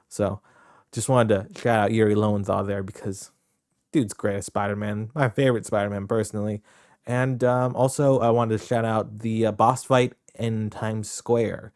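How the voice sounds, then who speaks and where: A man's voice: on the low side, fairly even intonation, normal speed, a little mellow, clean tone, dry recording, clean studio sound. A man adding casual, enthusiastic fan commentary about a game, conversational and friendly.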